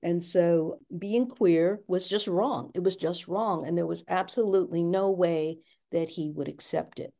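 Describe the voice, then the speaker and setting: A woman's voice: lowish voice, fairly even intonation, measured pace, vocal fry, mellow. An older woman candidly recounting her family's past in an interview, reflective and speaking in her own words. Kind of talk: personal storytelling interview.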